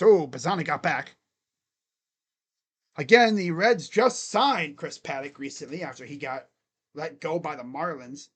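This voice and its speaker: A man doing excitable live play-by-play as a fan, cheering, chanting and grumbling at his team. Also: fairly high pitch, slightly rough. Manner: animated, cheering and chanting, swings to muttered grumbling. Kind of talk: excited live game commentary.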